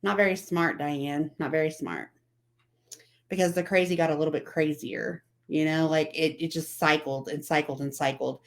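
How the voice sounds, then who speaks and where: A woman's voice: sits low, steady tone, normal speed. A woman hosting a casual motivational talk, chatting and repeating herself as she quotes other people. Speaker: vlog host.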